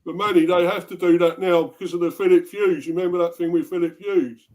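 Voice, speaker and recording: A man in a casual sports chat, chatty and quick to agree. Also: high voice, steady tone, a little mellow. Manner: chatty, with frequent agreeing interjections.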